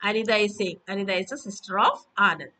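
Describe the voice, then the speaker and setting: A woman's voice: mid-range voice, lively intonation, quick pace, bright, forceful tone, low-quality recording. A woman explaining a school reading lesson, breaking each line into simple meanings and repeating them. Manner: explains word by word, repeating with "that means". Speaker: English teacher.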